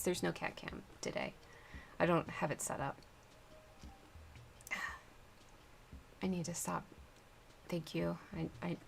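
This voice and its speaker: A woman streamer reading a classic novel aloud, woozy from a headache, slipping between soft reading, whispers and chatty asides. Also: fairly low pitch, gravelly, slight background noise.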